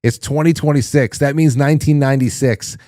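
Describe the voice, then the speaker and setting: A man's voice: medium pitch, steady tone, brisk, mellow, dry recording, studio quality. A middle-aged man hosting a talk show, chatting loosely and profanely, joking and reading listener comments. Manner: loose, profane, joking, mock-prim voices.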